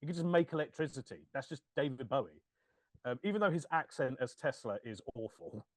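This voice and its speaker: Talking fairly quickly in a mid-range voice with no echo, a male podcast co-host keeps the conversation casual. Animated and laughing, he swears and acts out quoted lines.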